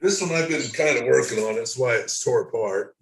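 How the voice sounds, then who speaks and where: A man's voice: mid-range voice, brisk, creaky. Easygoing man in an echoey workshop. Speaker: hobbyist guest. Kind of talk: casual video call chat. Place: home workshop. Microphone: video call.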